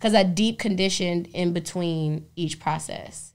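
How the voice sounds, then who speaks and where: A young adult woman co-hosting a podcast, telling stories in a profane, animated way and acting out the voices of the people in them. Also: lowish voice, unhurried. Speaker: podcast co-host. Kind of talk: casual podcast storytelling.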